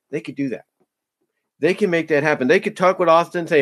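A man's voice: fairly high pitch, normal speed, long pauses. A man giving casual solo commentary on a podcast, rambling with many fillers and repeating himself. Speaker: wrestling commentator.

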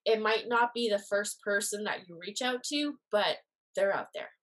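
A woman's voice: mid-range voice, animated, normal speed, fairly bright tone. A woman guest on a podcast, candidly telling a personal story and acting out quoted dialogue.

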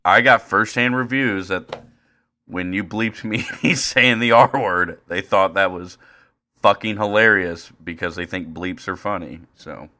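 A young man co-hosting a casual podcast, mocking and animated, with frequent swearing. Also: low voice, a little slow. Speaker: podcast co-host. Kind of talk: casual banter.

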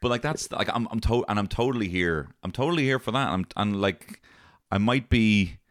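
A man with a very low, deep voice talks films in a loose, animated way, swearing freely and slipping into quoted lines. The recording is dry and close, with no room sound. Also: normal speed, no room sound. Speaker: podcast co-host reviewing films. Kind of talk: casual chat.

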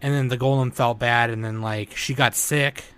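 A man's voice: medium pitch, fairly even intonation, moderate pace, fairly bright tone, smooth. A man in casual chat, rambling and retelling scenes with quoted lines, swearing now and then. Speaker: podcast host reviewing anime.

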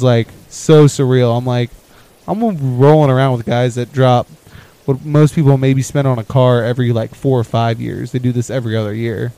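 A young adult man telling a story in casual podcast chat, rambling and laughing as he talks, with his phrase ends often trailing off quietly. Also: medium pitch, clean tone, no room sound, low-quality recording. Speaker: podcast co-host.

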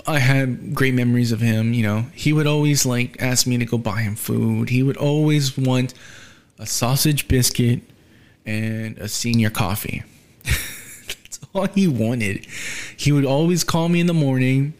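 A young man hosting a podcast, talking casually and quietly, with many fillers and pauses, subdued by grief. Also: mid-range voice, clean tone. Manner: soft, halting, with frequent fillers and trailing off. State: grieving, subdued. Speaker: podcast host. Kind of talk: casual solo podcast talk.

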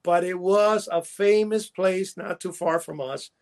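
A man with a notably high speaking voice tells stories in a loose, rambling way. He restarts his sentences and laughs at his own stories while co-hosting a casual chat. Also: a little slow, a little mellow. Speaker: podcast co-host.

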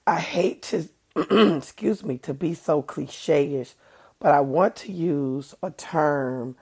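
Low husky woman, slow and gravelly. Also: darkish tone. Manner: earnest, conversational, preacher-like emphasis. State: congested from allergies. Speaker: podcast host. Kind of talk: faith-based podcast monologue.

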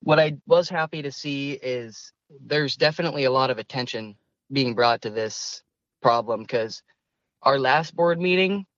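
A man's voice: medium pitch, moderate pace, a bit bright, no echo, dull audio. A young man, a student guest in an interview, speaking earnestly and somewhat hesitantly. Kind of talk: conversational interview.

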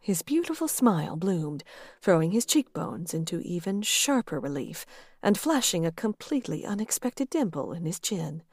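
A woman reading a romance novel aloud in a steady, expressive narration. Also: lowish voice, moderate pace, husky, no echo, clean studio sound. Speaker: audiobook narrator.

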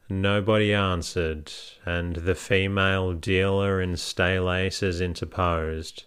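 A man with a very low, smooth voice reads a classic novel aloud as a sleep story. He takes his time, with a calm, even delivery, and barely acts the quoted lines. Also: takes it slowly, few pauses. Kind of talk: slow scripted narration.

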